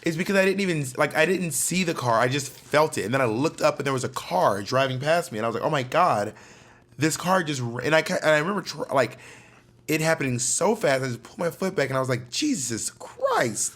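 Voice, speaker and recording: Animated young man telling stories. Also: a little high, fast talker. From Georgia, USA. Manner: animated storyteller, acts out quotes. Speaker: podcast co-host. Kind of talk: casual chat.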